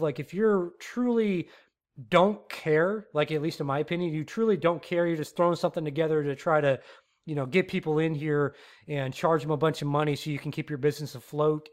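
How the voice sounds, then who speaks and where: Rambling man on a podcast rant. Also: on the high side. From Texas. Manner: animated, rambling, many fillers and restarts. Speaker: podcast host.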